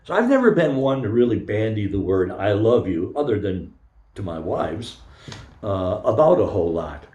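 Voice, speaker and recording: An older man with a lowish voice gives a candid, personal talk in a temple hall. He tells his story haltingly, pausing and filling gaps with "uh" and "um". The room adds a noticeable echo around him. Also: very animated, a little mellow. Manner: candid, halting storytelling with frequent pauses and fillers. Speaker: Zen priest giving a dharma talk. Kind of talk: informal personal sermon. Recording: roomy echo.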